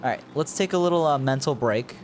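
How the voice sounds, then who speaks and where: A man's voice: medium pitch, lively intonation, fast, slight background noise. A man streaming a video game, thinking aloud in casual commentary and chatting with his viewers. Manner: rambling, thinking aloud while playing; chats with viewers.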